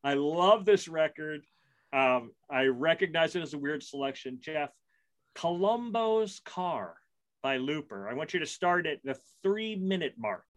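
A man's voice: fairly high pitch, animated, a little slow. A middle-aged man chatting casually as a podcast co-host, rambling through a story with plenty of restarts and self-deprecating asides. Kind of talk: casual chat.

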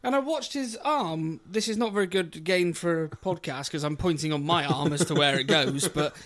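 A man's voice: a little high, moderate pace, fairly bright tone. A man co-hosting a podcast, chatting casually and telling a story with sweary acted-out quotes. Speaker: podcast co-host. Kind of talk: casual chat.

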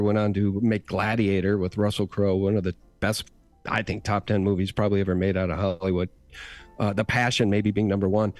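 A man's voice: lowish voice, no room sound. A man talking casually as a guest on a talk show, telling stories with enthusiasm. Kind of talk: casual chat.

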